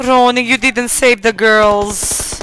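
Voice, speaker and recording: A woman's voice: fairly high pitch, steady tone, slow, background noise. Giggly tipsy Croatian woman streaming a game. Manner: giggly, playful, laughs constantly. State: tipsy from drinking. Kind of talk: live gaming stream chat.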